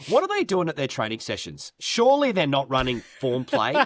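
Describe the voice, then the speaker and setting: A man's voice: a little high, huge pitch swings, fairly quick. A man co-hosting a sports podcast, bantering crude jokes in casual chat. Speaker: podcast co-host.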